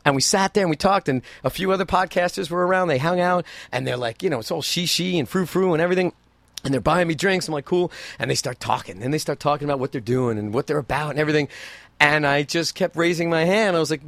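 A man's voice: on the high side, quick pace, creaky, no echo. A man co-hosting a podcast, swearing freely and acting out quotes as he tells stories in casual chat. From New York City. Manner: profane, animated, acts out quotes. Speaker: podcast co-host.

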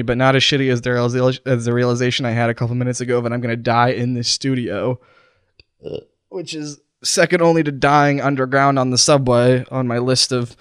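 A man's voice: medium pitch, clear, resonant tone, no room sound, clean studio sound. A man hosting a comedy podcast, playing out a mock death scene while talking, pained and strained, trailing off and restarting mid-sentence. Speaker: podcast host. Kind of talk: comedic improvised monologue. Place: recording studio. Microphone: studio microphone.

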